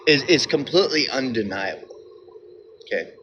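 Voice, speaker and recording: A video commentator talks to camera in a casual monologue, insistent and emphatic, repeating himself and halting with restarts and fillers. His mid-range voice is animated and fairly bright, with a little hiss or hum.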